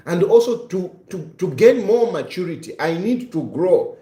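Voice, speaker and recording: A man's voice: high voice, big pitch swings, normal speed, dark tone, roomy sound. A man in his fifties hosting a live stream, talking in an earnest, reflective way and often repeating his phrases. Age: 50s. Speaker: livestream host.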